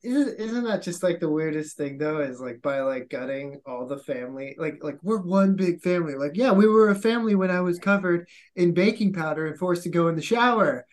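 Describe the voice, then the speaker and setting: A man's voice: fairly high pitch, a little fast, few pauses. A man with a slightly raised voice tells army stories in casual podcast chat. He acts out other people's lines as he goes. He keeps an easy, chatty flow. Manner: animated anecdotes with acted-out quotes and laughter.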